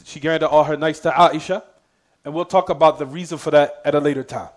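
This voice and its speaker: Brief: male teacher, rapid delivery, slightly high voice, prompts class and repeats himself. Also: fairly even intonation. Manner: reads Arabic quotations quickly. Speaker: Islamic teacher. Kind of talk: religious lesson.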